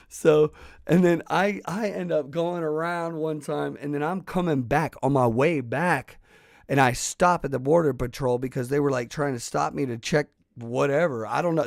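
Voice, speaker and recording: A man's voice: medium pitch, vocal fry, darkish tone, dry recording, clean studio sound. A man telling a personal story in a casual, rambling way, swearing freely and restarting his sentences often. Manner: rambling and profane, with many restarts. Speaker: channel host.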